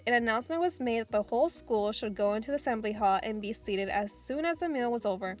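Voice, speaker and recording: High-voiced woman reading a children's book. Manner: plain reading with small slips. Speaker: narrator. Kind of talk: audiobook reading.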